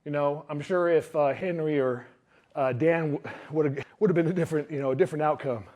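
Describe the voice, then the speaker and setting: A man giving a motivational talk to a live audience, telling his story in an animated way and acting out what others said. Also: on the high side, brisk. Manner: animated storyteller who acts out quotes. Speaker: speaker.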